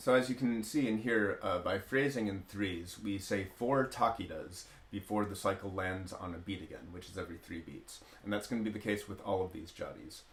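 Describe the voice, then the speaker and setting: A man's voice: sits low, a little fast, few pauses, a little hiss or hum. A man teaching a music lesson, explaining rhythm step by step with frequent hesitations. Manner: chants rhythm syllables in steady counted patterns. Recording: roomy echo.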